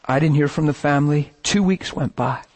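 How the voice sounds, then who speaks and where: A man preaching, telling a story in an animated, dramatic way that breaks at times into shouts and laughter. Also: fairly high pitch, fairly quick. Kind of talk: sermon storytelling.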